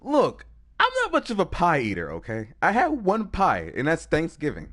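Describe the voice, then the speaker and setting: A man's voice: a little high, wildly swooping pitch, normal speed, a bit bright. Man chatting with his mouth full. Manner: laid-back, profane, trails off and repeats himself. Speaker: podcast host. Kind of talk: casual chat.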